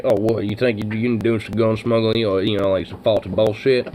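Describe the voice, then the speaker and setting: A man's voice: fairly low pitch, flat delivery, a little fast, a little mellow, a little hiss or hum, low-quality recording. A man in casual, profane podcast banter, rambling with lots of fillers and frequent laughs.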